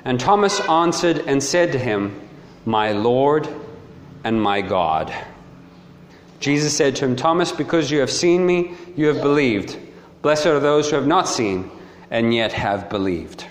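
Lively man preaching in an echoey hall. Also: on the high side, moderate pace, slight background noise. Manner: lively, emphatic, with short laughs. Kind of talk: sermon. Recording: echoey hall with long reverb.

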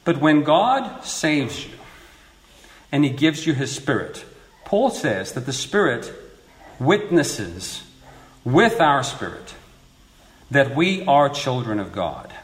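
A man's voice: mid-range voice, sing-song, takes it slowly, pauses often. A man preaching a sermon, explaining scripture earnestly and building to emphatic points. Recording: echoey room with faint noise.

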